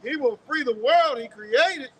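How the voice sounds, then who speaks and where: A man reading scripture aloud at a street teaching in a steady, measured way. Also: extremely high pitch. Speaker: scripture reader.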